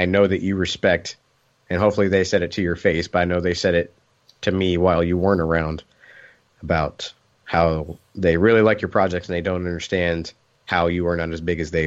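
A man with a lowish voice tells a story in relaxed conversation. He acts out the people he quotes. The sound is a little muffled and lo-fi. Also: fairly quick. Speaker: podcast co-host. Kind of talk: casual storytelling chat. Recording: muffled lo-fi recording.

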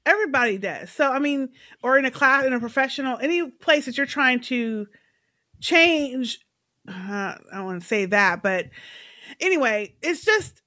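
A woman's voice: high voice, lively intonation, normal speed, sharp tone. A woman in a casual chat reviewing a show, explaining her view at length.

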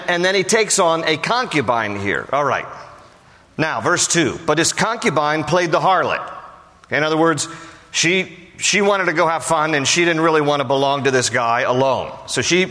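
Older preacher with a bright voice. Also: male voice, fairly high pitch. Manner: chatty, joking, explains in everyday slang. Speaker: pastor. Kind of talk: casual verse-by-verse sermon. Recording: long reverb of a hall.

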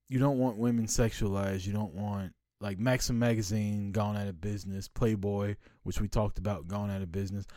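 A man's voice: lowish voice, dry recording, clean studio sound. A middle-aged man co-hosting a casual podcast, talking bluntly and swearing freely. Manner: blunt, profane and animated. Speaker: podcast co-host. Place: home podcast studio.

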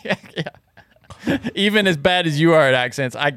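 A man's voice: on the high side, lively intonation, moderate pace, fairly bright tone, clear, resonant tone, no room sound, clean studio sound. A man co-hosting a podcast in casual chat, laughing along and teasing dryly. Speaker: podcast co-host.

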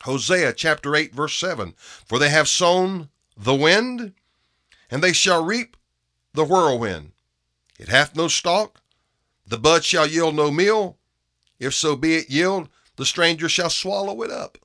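A man preaching a sermon with emphasis, repeating key phrases and dropping from loud to hushed. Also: on the high side, expressive, unhurried, no room sound, studio quality.

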